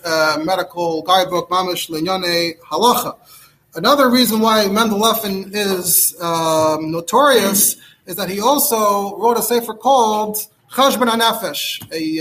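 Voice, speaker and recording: Rabbi, teaching halacha class, high bright voice, rambles fillers. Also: male voice, slight background noise. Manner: chatty, digressive, many fillers and restarts. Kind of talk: informal Torah lecture.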